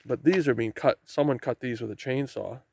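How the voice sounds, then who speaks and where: Gravelly man rambling on a forest trail. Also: medium pitch, a little fast, a little mellow. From Canada. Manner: rambling, talks to camera while hiking. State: walking downhill on a trail. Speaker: vlogger. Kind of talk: casual walking vlog. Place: outdoor forest trail by the ocean, rain. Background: faint outdoor noise, rain and waves.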